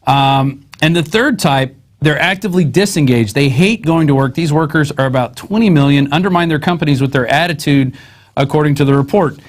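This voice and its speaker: Sarcastic male news host, higher voice. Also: brisk. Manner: sarcastic, conversational asides between readings. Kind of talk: news commentary, reading articles aloud.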